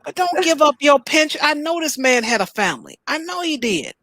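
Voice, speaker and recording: A woman's voice: high voice, fairly quick, dry recording. A woman hosting a casual reaction show, reading articles aloud and riffing on them playfully. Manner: animated, playful, reads headlines aloud then riffs. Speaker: host.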